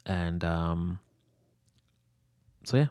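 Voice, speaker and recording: A young man recounts a personal story candidly in an interview, his very low, deep voice warm and smooth as he draws out words. He rambles, filling gaps with fillers and swearing casually. The close, dry recording has almost no room sound.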